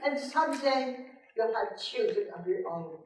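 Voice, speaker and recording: A woman's voice: on the high side, expressive, measured pace, a little mellow. An older woman playing a doting, guilt-tripping mother who nags her grown son on the phone, in a melodramatic, sighing manner. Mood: nagging. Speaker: amateur skit performer. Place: senior center hall. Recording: echoey hall from far off.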